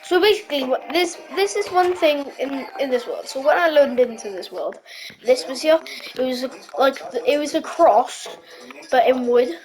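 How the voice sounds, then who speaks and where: A woman giving casual, rambling gameplay commentary, excitable and giggly with many fillers. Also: sits high, moderate pace, faint music behind, low-quality recording. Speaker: gameplay vlogger.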